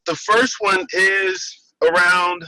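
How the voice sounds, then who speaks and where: A man hosting an interview, responding in a slow, measured, reflective way. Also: high-pitched, steady tone, pushed and bright, dry recording, rough recording. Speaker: podcast host. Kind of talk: casual interview.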